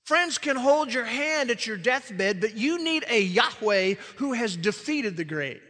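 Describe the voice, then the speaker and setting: Male preacher, slow and dramatic, loud proclamations dropping to hushed emphasis, long hall reverb. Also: very high-pitched, expressive. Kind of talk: sermon.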